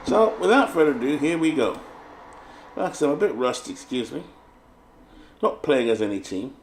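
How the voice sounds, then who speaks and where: A man's voice: fairly low pitch, slight background noise. A man with a British accent hosting a tabletop baseball game, chatting casually while setting up and reading out the lineups like a play-by-play announcer.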